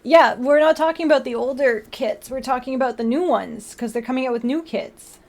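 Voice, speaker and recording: A young woman runs a casual livestream, her voice high, slightly quick, and a touch mellow. She chats and giggles with viewers, breaking off now and then to coo at her cats in baby talk.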